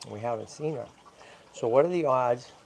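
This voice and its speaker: A man hosts a casual livestream outdoors beside an animal pen, talking in a gravelly, mid-pitched voice. He keeps checking in with his viewers with "right?" and "okay?" and coos softly to the baby squirrel he handles. A faint hum of noise sits behind him. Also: moderate pace. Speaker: channel host and tortoise rescuer.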